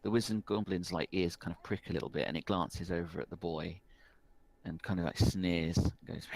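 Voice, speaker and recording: Gravelly man narrating a game. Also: sits low, steady tone, moderate pace, a little mellow, dry recording. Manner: meandering, filler-heavy narration. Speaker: game master.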